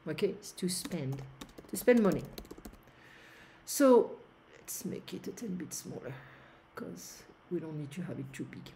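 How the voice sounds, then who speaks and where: A woman's voice: lowish voice, lively intonation, a little slow, pauses often, dark tone, slight background noise. Teacher woman talking through a lesson. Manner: explains step by step with many fillers. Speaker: French teacher. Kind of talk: online language lesson.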